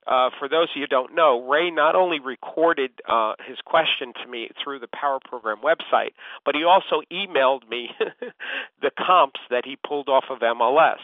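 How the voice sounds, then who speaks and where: A man coaching a real estate agent over a call, explaining techniques step by step and often addressing his listener by name. His voice sits at a middle pitch and comes through a narrow, tinny phone line that sounds close and dry. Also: normal speed, dry recording. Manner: instructive, repeats the listener's name.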